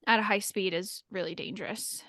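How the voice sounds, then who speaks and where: A woman's voice: mid-range voice, steady tone, fairly quick, bright, forceful tone, no echo, studio quality. A young adult woman chatting casually on a podcast, telling a story with lots of filler words and nervous laughs. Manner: laughs nervously while recounting.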